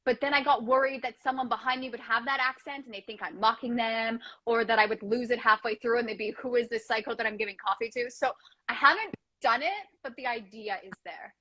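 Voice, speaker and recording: Woman, host, bright forceful voice, slightly high, chatty, giggly, video call. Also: fairly quick. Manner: chatty, giggly, self-mocking. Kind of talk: casual live video chat. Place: home, on a live video call.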